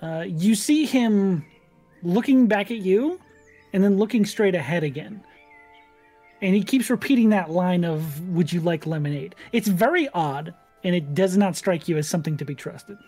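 A woman runs a tabletop game, describing scenes with a lively, rising-and-falling voice. She laughs easily between descriptions. Faint music plays in the background. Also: on the low side, normal speed, husky. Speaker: game master.

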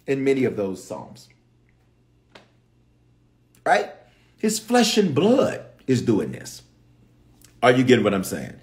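A bishop with a Memphis accent teaches the Bible on a livestream. He tells the story in slangy, animated bursts and keeps turning to his viewers, his pitch swinging widely. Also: measured pace, pauses often. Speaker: bishop and pastor.

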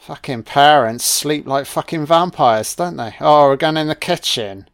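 His voice sits on the high side and he never hurries. He offers a profane, comedic take on a movie, deadpan and dripping with sarcasm and swearing.

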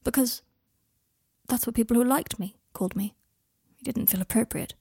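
Brief: woman reader as an emotional young wizard man, gravelly and dry. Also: a little high, normal speed, mellow, dry recording. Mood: subdued.

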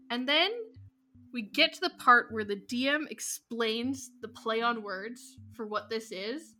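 A woman co-hosting a casual podcast chat, animated and swearing casually, laughing often. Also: a little high, moderate pace. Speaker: podcast co-host.

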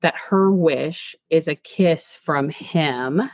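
A woman's voice: low-pitched, slow, darkish tone, no room sound. A woman co-hosting a casual book podcast, chatting and reading passages aloud. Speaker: podcast co-host.

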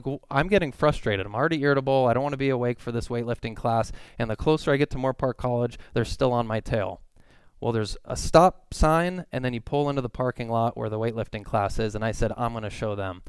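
A man's voice: mid-range voice, smooth, dry recording. A man in his late thirties, a pastor giving a sermon in a conversational, storytelling way. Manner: conversational storytelling with quoted voices.

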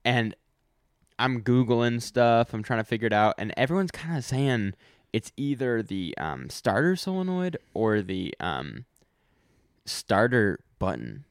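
Young male podcast co-host, mid-pitched, easygoing rambling storyteller, dry close mic. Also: big pitch swings, unhurried, clear, resonant tone, no echo. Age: young adult. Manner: rambling, laid-back storytelling. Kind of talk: casual chat.

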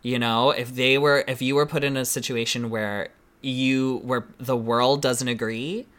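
A man chats as co-host of a casual podcast, talking in an animated, campy way. His voice has a bright, forward edge. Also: mid-range voice, unhurried. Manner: animated, campy, acts out quotes. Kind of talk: casual chat.

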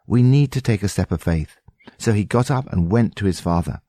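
A man with a fairly low voice delivers scripted devotional commentary in an earnest, steady way. The recording is dry and close, with no room sound. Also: moderate pace, no room sound.

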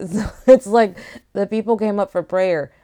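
A woman's voice: mid-range voice, unhurried, dark tone. A young woman hosting a casual solo podcast from home, rambling and joking with many fillers while lying down. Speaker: podcast host.

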